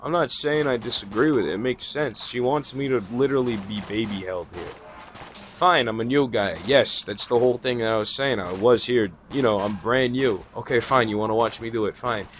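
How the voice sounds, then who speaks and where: A man's voice: medium pitch, fairly quick, a bit bright. A man rants casually about his day in a mid-range voice, frustrated and rambling, dropping curses and starting sentences over. A faint hiss sits behind him. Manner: frustrated, profane, rambling with restarts. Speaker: new data entry worker. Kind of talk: casual venting monologue.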